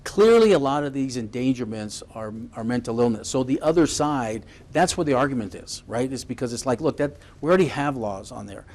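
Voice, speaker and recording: A man's voice: medium pitch, expressive, a little fast, few pauses, a little mellow. A man with a mid-range voice hosts a panel talk. He asks casual, probing questions that ramble and restart as he works toward his point. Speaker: talk show host. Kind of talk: moderating a panel discussion.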